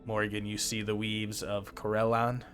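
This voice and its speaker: A man narrating as game master in a relaxed way, with frequent fillers. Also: lowish voice, normal speed, faint music behind.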